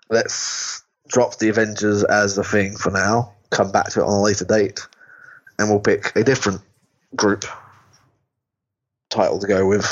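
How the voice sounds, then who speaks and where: A man co-hosting a casual podcast chat, rambling and restarting his sentences often. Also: fairly low pitch. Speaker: podcast co-host. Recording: dull lo-fi sound.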